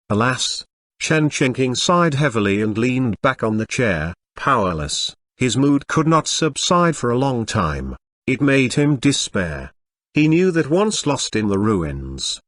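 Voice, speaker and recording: A text-to-speech male voice narrating a web novel audiobook in an even, synthetic reading. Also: medium pitch, no echo, clean studio sound.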